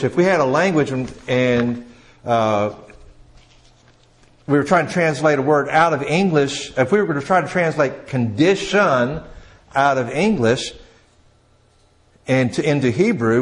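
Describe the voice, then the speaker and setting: A man teaching a class in a conversational way, with frequent restarts, questions to the audience, and a voice that drops quietly at the ends of phrases. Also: medium pitch. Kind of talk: classroom lecture.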